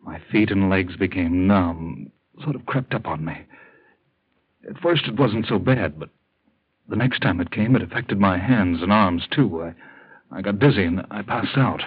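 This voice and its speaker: A man playing a sick, frightened husband in a 1940s radio drama, stammering and prone to shouting. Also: deep voice, measured pace, breathy edge. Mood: worried. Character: bedridden husband, terrified and short-tempered. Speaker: patient. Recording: dull lo-fi old radio recording.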